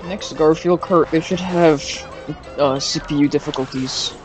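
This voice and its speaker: A man's voice: on the high side, measured pace. A young man casually chatting and swearing while playing a kart racing game, laughing often. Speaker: gamer. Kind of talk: casual gaming chat. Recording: game music playing behind.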